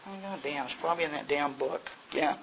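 Storytelling man, slightly high-pitched. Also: fast, a bit bright, a little hiss or hum, poor audio. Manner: conversational storytelling, frequent "you know", laughs at himself; acts out both sides of dialogues with sudden rises in pitch. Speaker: speaker sharing at a recovery meeting. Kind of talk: personal testimony to a group.

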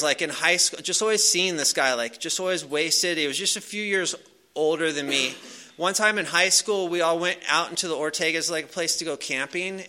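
A man with a slightly high, very bright and sharp voice tells a personal story to a crowd. He talks loosely and casually, with frequent fillers and restarts. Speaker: speaker sharing a recovery story. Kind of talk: casual storytelling to a live audience.

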